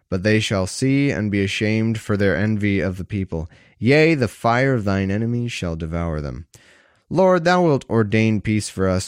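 Lively low-voiced man reading scripture. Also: clear, resonant tone, no room sound, studio quality. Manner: wry asides between verses. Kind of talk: casual scripture reading with commentary.

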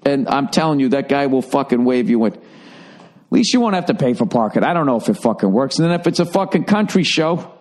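A man's voice: mid-range voice, animated, fast, a little mellow. A middle-aged man hosting his podcast, telling a rambling, profane comic story and mocking himself along the way. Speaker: comedian and podcast host.

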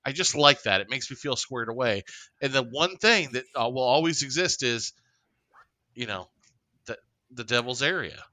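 A man with a very bright, forward voice chats casually on a comedy podcast. He plays things deadpan and mock-serious, even when the story is silly. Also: mid-range voice, moderate pace. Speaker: podcast co-host.

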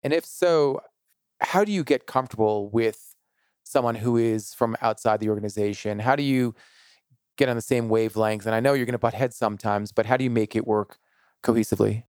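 A man hosting an interview, asking long, measured questions with several parts. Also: on the low side, a little mellow, clean tone, no room sound, clean studio sound. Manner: measured, asks long multi-part questions. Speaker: interview host.

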